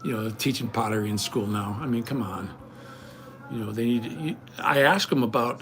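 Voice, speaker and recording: A man's voice: medium pitch, fairly quick. A middle-aged man talking casually at home in a vlog, indignant and rambling. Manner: indignant, ranting. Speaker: vlogger.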